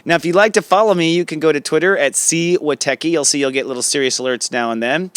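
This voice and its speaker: A man's voice: on the high side, fast talker, a bit bright, clean tone, no echo. A man hosting an astrology show, delivering an earnest spiritual forecast monologue that rambles with frequent restarts and fillers. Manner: affectionate and earnest.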